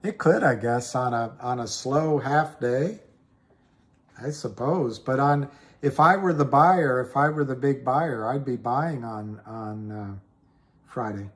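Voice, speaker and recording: A man hosting a casual livestream, chatting slowly and rambling while reading viewer comments aloud. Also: medium pitch. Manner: slow, rambling, reads chat comments aloud. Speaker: livestream host. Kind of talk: casual livestream chat about stocks.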